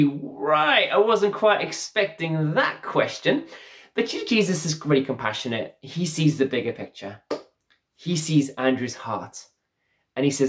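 Storytelling preacher with a slightly high voice. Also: male voice, animated, moderate pace. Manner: storytelling, acts out the characters' lines. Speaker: pastor. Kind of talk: sermon. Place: church, streamed online service.

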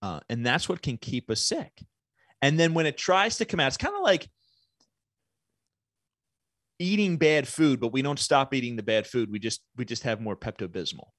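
A man's voice: medium pitch, lively intonation, brisk, a bit bright, no room sound, studio quality. A man guesting on a podcast, explaining ideas thoughtfully with everyday analogies. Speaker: podcast guest, business owner. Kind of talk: reflective conversational interview.

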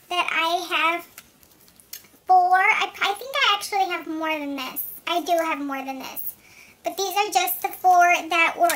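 A woman's voice: very high-pitched, a bit bright. A young woman chatting at home as a beauty vlogger, showing off her products in a rambling way full of fillers. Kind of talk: casual chat, showing products.

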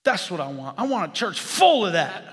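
Fired-up male preacher, bright tense tone, long reverb of a church hall. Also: high voice, sing-song, moderate pace. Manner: impassioned, rising to shouts. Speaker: pastor. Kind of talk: sermon.

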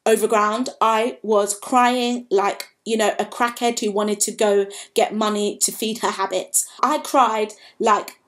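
A woman in her twenties, recounting a painful experience in a candid, halting personal vlog. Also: medium pitch, steady tone. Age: 20s. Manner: candid, halting, emotional storytelling. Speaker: vlogger.

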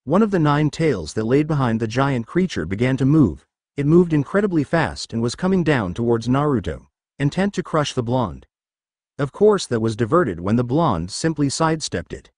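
A man narrating a fan fiction story in an expressive storytelling manner. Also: medium pitch, normal speed, no room sound, studio quality.

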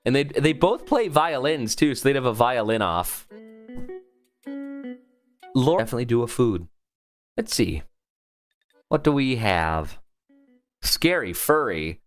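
A man's voice: mid-range voice, animated, a little slow, pauses often, faint music behind. A man, a voice actor, chatting casually on a livestream in a playful, rambling way with lots of fillers. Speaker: voice actor streaming.

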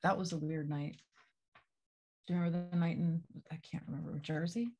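A woman's voice: deep voice, fairly even intonation, a little fast, a little mellow, highs cut off. A woman hosting a podcast and reading out horror trivia questions, chatting casually, laughing easily and swearing now and then. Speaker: trivia quizmaster and podcast host.

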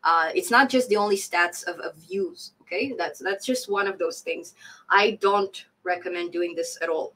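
A woman's voice: on the low side, moderate pace, pushed and bright, low-quality recording. A woman in her thirties hosting a casual coding live stream, reading chat comments aloud, laughing often and repeating phrases for emphasis.

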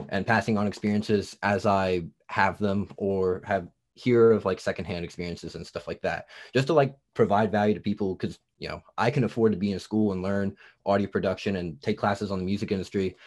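A man in his 20s, a guest producer and TikTok creator, rambles through a casual podcast interview, piling on "like" and "you know." His voice is fairly low and a little mellow, with a New Jersey accent carrying a slight Southern US drawl.

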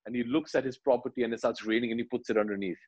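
Husky man telling a story. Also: mid-range voice, rapid-fire, dull audio. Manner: animated storyteller, acts out dialogue lines quietly. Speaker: actor, interview guest. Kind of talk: conversational interview, retelling film scenes.

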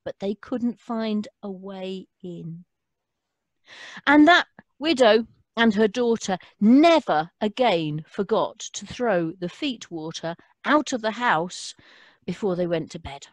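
A woman storyteller telling a folk tale in a slow, dramatic way with pauses. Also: fairly high pitch, lively intonation, no echo.

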